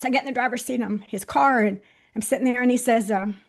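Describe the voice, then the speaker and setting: Animated woman in her sixties telling a story. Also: on the high side, fast talker, creaky. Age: 60s. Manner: animated storyteller, swings from loud to hushed. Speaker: interview guest. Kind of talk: personal story told to viewers.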